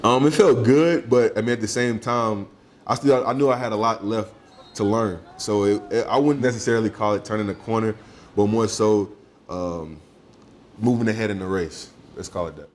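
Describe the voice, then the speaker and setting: A young man, a high school football recruit, talking casually in an interview, laid-back and quick to laugh. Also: slight background noise. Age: young adult. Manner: relaxed, laughs easily, drawling slang.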